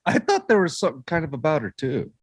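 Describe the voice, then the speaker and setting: A man's voice: a little high, very animated, quick pace, breathy edge, no echo, studio quality. A man guesting on a comedy podcast, laid-back and conspiratorial. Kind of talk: casual comedy banter.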